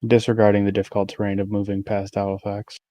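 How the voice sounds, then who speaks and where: A man playing a tabletop game, asking halting, filler-heavy questions in casual chat. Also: fairly low pitch, monotone, dark tone. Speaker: player.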